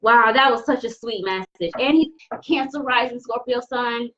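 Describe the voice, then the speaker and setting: A woman's voice: on the high side, normal speed, fairly bright tone, muffled recording. A woman giving a live-streamed tarot reading, effusive and repeating phrases for emphasis. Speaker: tarot reader.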